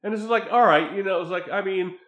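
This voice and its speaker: A man casually recapping a film's plot, animated, often acting out quoted lines. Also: high-pitched, fast talker, echoey room. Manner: animated retelling with acted quotes. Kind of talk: casual film recap chat.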